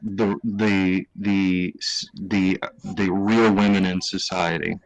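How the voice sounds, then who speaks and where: A man's voice: low voice, level tone, slow, rough recording. A man who writes scripts, chatting casually and teasing the others with wry one-liners. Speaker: writer, guest. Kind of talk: casual chat.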